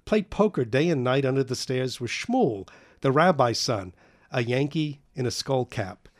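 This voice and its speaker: A man's voice: medium pitch, animated, measured pace. A man reading a novel aloud in a dry, wry way. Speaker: narrator.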